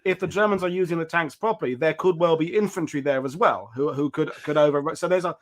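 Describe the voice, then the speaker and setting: Male host musing out loud, casual chat, voice a touch higher than most. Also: quick pace. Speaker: show host. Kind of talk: casual discussion.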